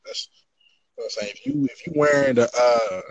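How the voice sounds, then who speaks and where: A man's voice: medium pitch, fairly quick, poor audio. A man from Los Angeles chatting casually, rambling with lots of fillers as he explains his point. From Los Angeles area. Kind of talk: casual chat.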